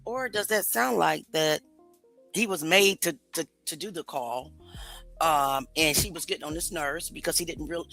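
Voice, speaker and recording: A woman's voice: low voice, normal speed, fairly bright tone, faint music behind, low-quality recording. A woman hosting a casual commentary stream, questioning what she hears and asking viewers what they think. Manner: skeptical, rhetorical questions to viewers. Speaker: commentary show host.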